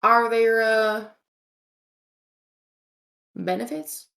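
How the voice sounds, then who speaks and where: A woman's voice: fairly high pitch, steady tone, extremely slow, vocal fry, fairly bright tone, full character voice. A woman voicing a curious, honest young adventurer in a put-on Southern accent, asking polite, careful questions. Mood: inquisitive. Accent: American Southern, put on.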